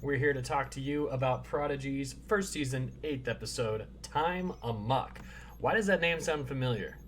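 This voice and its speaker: A man hosting a casual podcast chat, relaxed and easygoing, laughing easily and walking through ideas step by step. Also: mid-range voice, moderate pace, slight background noise. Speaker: podcast host.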